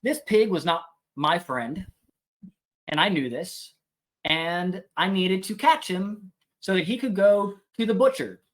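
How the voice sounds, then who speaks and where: A man, a homesteader guest on a podcast, telling a funny animal story in a casual, animated, self-deprecating way. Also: sits high, unhurried.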